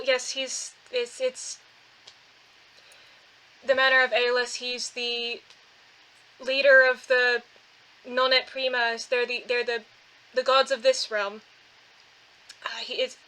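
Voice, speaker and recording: A friendly middle-aged man tends the temple and greets visitors with polite, halting courtesy, as a woman voices him. His voice is bright and a little high. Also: rough recording.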